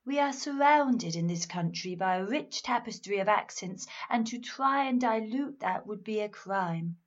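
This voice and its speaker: An actress playing an earnest, instructive voice coach in a comedy panel sketch. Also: female voice, medium pitch, lively intonation, moderate pace, muffled recording, close to an everyday voice.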